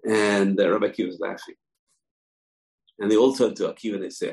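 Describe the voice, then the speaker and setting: Gravelly low-voiced Torah teacher. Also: male voice, fairly even intonation, fast, a little mellow, low-quality recording. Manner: earnest, with Hebrew phrases and many fillers. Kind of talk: religious lecture.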